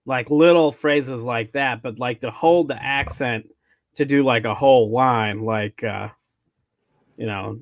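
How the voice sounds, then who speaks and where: A man's voice: mid-range voice, a little slow, dry recording, highs cut off. A man hosting a podcast, chatting casually and telling a story, often restarting his sentences. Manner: rambling storyteller, restarts, mock Minnesota accent in quotes. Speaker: podcast host. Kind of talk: casual chat.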